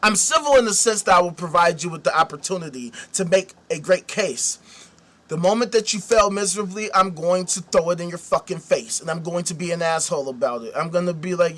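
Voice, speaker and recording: Angry ranting man with a bright high voice. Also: a little fast. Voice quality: profane, combative. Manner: angry ranting, shouts at times. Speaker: host. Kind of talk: ranting commentary.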